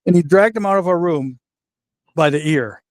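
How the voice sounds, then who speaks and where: An older man telling backstage stories in a casual, animated way, acting out the voices of the people in them. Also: on the high side, normal speed, dry recording, clean studio sound. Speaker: guest wrestler telling stories. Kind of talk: casual storytelling.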